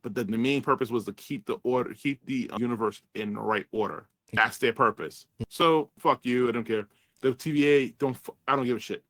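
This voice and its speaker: A man's voice: mid-range voice, brisk, a bit bright, dry recording. Man, movie reviewer, casual chat, rambling, swearing, dry close mic. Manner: rambling, profane, acts out characters' lines.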